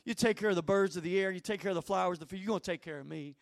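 A man's voice: sits high, racing, vocal fry, dry recording, clean studio sound. A man preaching a sermon, moving from teaching into fervent, rising prayer.

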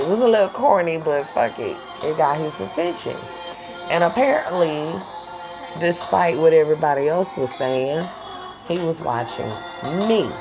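Woman storyteller, unusually low voice, blunt and candid with casual swearing, music playing behind.

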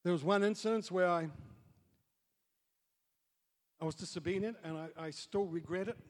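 A man preaching a sermon as pastor, dropping to soft asides and building up to loud, excited storytelling. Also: high voice, fast. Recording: long hall reverb.

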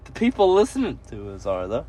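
A man's voice: medium pitch, huge pitch swings, fairly quick, mellow. A man hosting a podcast in casual chat from a parked car, rowdy and profane, laughing often. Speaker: podcast host.

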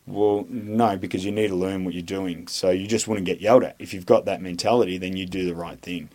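Brisk and mellow with a steady tone, a deep-voiced Australian man tells army stories as a podcast guest, drawing on his time as an army instructor. His low-register storytelling is loose and rambling, full of swearing, "um"s and false starts, and he's blunt in his opinions.

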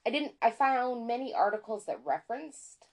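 A woman co-hosting a podcast in casual chat, excitable and self-deprecating, stumbling over words when she gets worked up. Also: fairly high pitch, normal speed. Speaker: podcast co-host.

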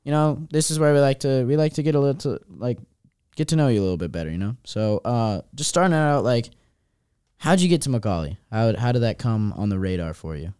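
A young co-host from Austin talks in a relaxed, easy way with plenty of fillers. His voice is smooth and resonant, and it sits in a dry studio sound. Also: medium pitch, brisk, no echo. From Austin, Texas. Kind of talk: casual podcast chat.

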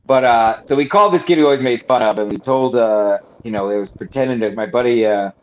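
A man's voice: medium pitch, fast. A man co-hosting a podcast, telling stories in casual chat with lots of fillers, restarts and swearing. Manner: rambling storyteller with many fillers and restarts, swearing. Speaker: podcast co-host. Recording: slightly dull lo-fi sound.

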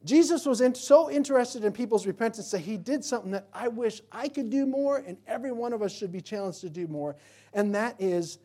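Male pastor delivering a sermon; emphatic preacher, animated, fond of rhetorical questions. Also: sits high, brisk. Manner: animated, swinging from loud to quiet.

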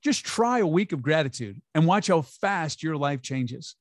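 A man's voice: fairly high pitch, very animated, normal speed, no room sound. A man talking as an interview guest, upbeat and emphatic, sometimes acting out quoted voices. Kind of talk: conversational interview.

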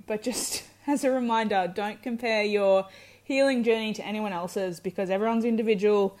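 A woman's voice: medium pitch, darkish tone. Frank young woman giving heartfelt advice. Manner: frank, swears freely, encouraging. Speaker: vlogger giving breakup advice. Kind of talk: candid direct-to-camera advice.

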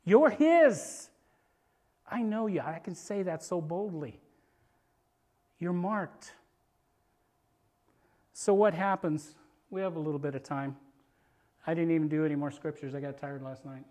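A male preacher in a sermon, retelling a scripture story in an animated, conversational way. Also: fairly high pitch, a little slow, pauses often.

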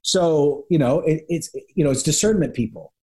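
A pastor talking as an interview guest, telling stories and acting out quick little voices of other people. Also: male voice, fairly high pitch. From Canada. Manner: animated storyteller, acts out quick voices of people. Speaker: pastor and author, podcast guest. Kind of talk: conversational interview.

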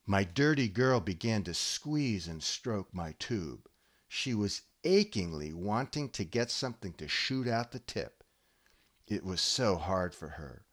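Low-voiced guy doing a solemn mock-earnest comedy bit, takes his time. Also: big pitch swings, measured pace. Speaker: podcast host. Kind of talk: deadpan comic monologue.

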